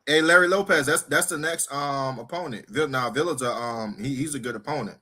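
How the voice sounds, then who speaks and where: Bright, lively young man teasing. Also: mid-range voice, a little fast. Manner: teasing, instigating, laughs often. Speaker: co-host reading viewer comments. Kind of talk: casual live-stream sports chat.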